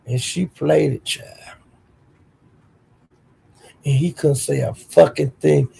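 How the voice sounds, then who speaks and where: A woman hosting a livestream and telling a story as a heated rant, profane and scolding, with animated storytelling. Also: sits low, takes it slowly, vocal fry, long pauses, husky. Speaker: livestream host.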